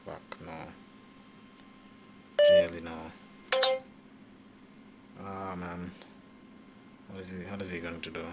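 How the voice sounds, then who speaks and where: A man with a low, unhurried voice talks through a pool game. He reacts loudly and swears freely at the screen. His dull home mic picks up a steady noise underneath. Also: creaky. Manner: excitable, swears often at the game. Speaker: gaming channel host. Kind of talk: casual live gameplay commentary.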